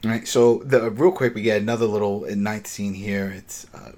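A man hosting a podcast, recapping a TV episode in a casual, animated way, acting out characters' lines as he goes. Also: on the low side, moderate pace. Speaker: podcast host.

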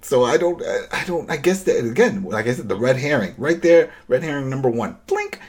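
Husky-voiced man recapping a show. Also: medium pitch, a little fast. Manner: animated, acts out characters' lines. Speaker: podcast host. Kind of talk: casual recap chat.

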